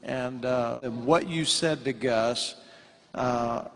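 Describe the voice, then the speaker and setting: A man hosting an onstage interview, asking questions in an easygoing way with frequent pauses and fillers. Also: medium pitch, a bit bright. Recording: echoey hall.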